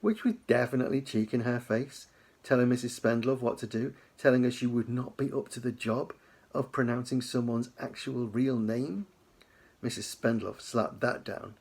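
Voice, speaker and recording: A man, an author, reads his children's book aloud in an easygoing storytelling manner, dropping in casual asides. His voice has a gravelly, husky texture. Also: medium pitch, moderate pace, a little mellow. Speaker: author leading a writing lesson.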